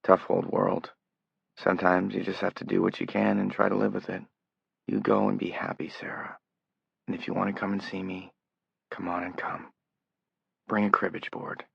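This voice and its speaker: A man voicing a weak, bedridden young man who talks softly, half in a whisper. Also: low-pitched, monotone, moderate pace, vocal fry, pauses often, slightly rough, dry recording, heavily acted. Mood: gentle, teasing. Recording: dull lo-fi audiobook recording.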